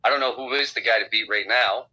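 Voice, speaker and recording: A man's voice: medium pitch, fast talker, pushed and bright. A man being interviewed as a guest fighter over a phone call, talking bluntly in a rambling way with lots of swearing. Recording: dull lo-fi phone line.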